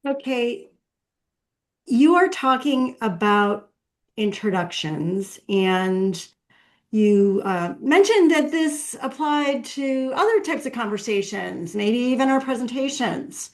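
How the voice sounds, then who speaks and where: A woman in the audience asks a long question during a seminar. She speaks slowly and pauses to search for words, and her voice is slightly high. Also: expressive. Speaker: audience member asking a question.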